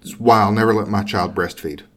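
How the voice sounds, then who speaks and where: A man from Georgia co-hosting a tabletop gaming podcast, chatting casually with jokes and halting restarts. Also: on the low side, fairly even intonation, fairly bright tone. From Georgia, USA. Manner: joking, self-deprecating, halting with restarts. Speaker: podcast co-host. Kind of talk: casual chat.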